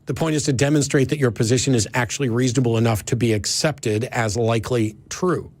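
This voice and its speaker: A man hosting a call-in debate, blunt and quick to interrupt. His voice sits at an ordinary middle pitch. He swears freely when a caller tests his patience. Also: steady tone, darkish tone. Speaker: call-in show host.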